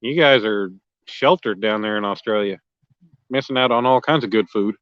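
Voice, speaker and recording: A man hosting a casual night fishing livestream, chatting easily with viewers and often clearing his throat. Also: on the low side, moderate pace, dry recording, lo-fi sound. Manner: laid-back, frequent throat clearing, reads chat aloud. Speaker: livestream host. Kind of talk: casual chat with live viewers. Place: outdoors at a riverbank at night.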